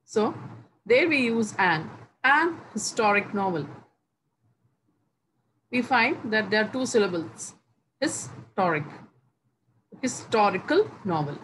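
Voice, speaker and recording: A woman gives a slow, unhurried grammar lesson, taking her time over every phrase. She speaks at a middling pitch and repeats each example word carefully. A faint hiss of background noise sits under the recording. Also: sing-song, fairly bright tone, poor audio. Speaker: English grammar teacher. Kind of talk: slow, deliberate classroom explanation.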